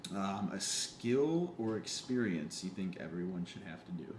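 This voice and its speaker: A man's voice: deep voice, lively intonation, normal speed, darkish tone. A young man telling a story in casual chat, swearing freely and acting out the people he quotes. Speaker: podcast guest. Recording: echoey room with faint hum.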